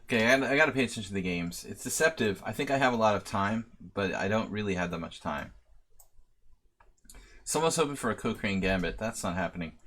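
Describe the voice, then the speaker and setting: Streamer, man, late thirties, lowish voice, rambling, self-deprecating jokes between game calls. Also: expressive, a little fast, a bit bright. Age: 30s. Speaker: chess master giving a simul. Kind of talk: live-stream commentary.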